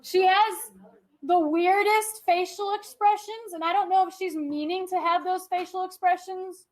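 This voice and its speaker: A young woman gives a classroom lecture in a very high voice. She talks in a chatty way and keeps checking that her students follow. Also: steady tone, normal speed, low-quality recording. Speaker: teacher.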